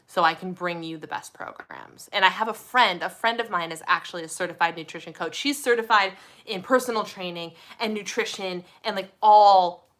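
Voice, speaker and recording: A woman from the Minneapolis area hosts a relaxed live chat with her community. Her voice is bright and clear, and she talks in a chatty, upbeat way, reading comments aloud and answering them. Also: on the low side, normal speed. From Minneapolis area, USA. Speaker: host. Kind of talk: casual live chat with viewers.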